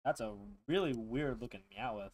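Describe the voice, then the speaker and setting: A man's voice: mid-range voice, normal speed, no room sound. A man streaming casually, joking and calling out card names as he opens packs. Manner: jokey, calls out card names, lively.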